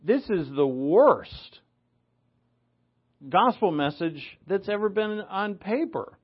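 A man preaching a sermon, animated, moving between loud emphasis and low asides. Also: takes it slowly, pauses often, breathy edge, highs cut off.

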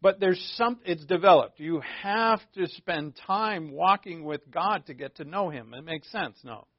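A man's voice: fairly high pitch, unhurried, no echo. A man preaching a conversational sermon, full of rhetorical questions and informal asides. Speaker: pastor. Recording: dull lo-fi dry recording.

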